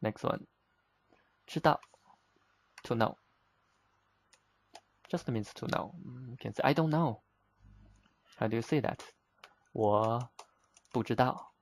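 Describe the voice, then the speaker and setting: Guy teaching a vocab lesson, slow and patient, gravelly voice, lots of uh. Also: mid-range voice. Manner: patient, explains step by step with simple examples; plain, slightly broken English with frequent "uh". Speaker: Chinese teacher.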